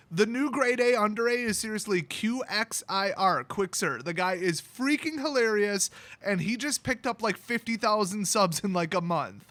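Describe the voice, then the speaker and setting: A man's voice: high-pitched, sharp tone, no room sound. Man in a put-on Irish accent. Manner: joking, exaggerated mock accent. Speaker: channel host. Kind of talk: card spoiler review.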